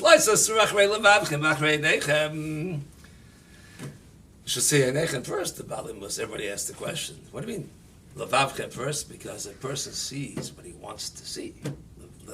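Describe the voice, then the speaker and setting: A man giving an animated, emphatic Torah talk on the weekly portion as a rabbi, sprinkling in Yiddish and Hebrew terms. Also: medium pitch, normal speed, far from the mic, a little hiss or hum.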